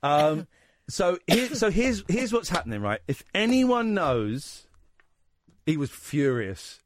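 A man's voice: on the high side, big pitch swings, slow, slight background noise. A man hosting a radio talk show in the studio, telling a rambling anecdote full of quoted voices. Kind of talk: casual radio chat, storytelling.

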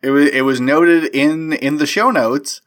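A man's voice: on the high side, fairly even intonation, unhurried, fairly bright tone. A man hosting a comedy podcast, joking around and running quiz games in casual chat. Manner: goofy, hosts quiz games. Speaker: podcast host.

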